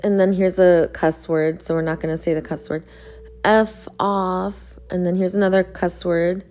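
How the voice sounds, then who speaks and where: A woman talking to her viewers in a casual vlog, reading an email aloud slowly and then speaking in earnest affirmations. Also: on the low side, little pitch movement, warm tone. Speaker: online creator reading out an email.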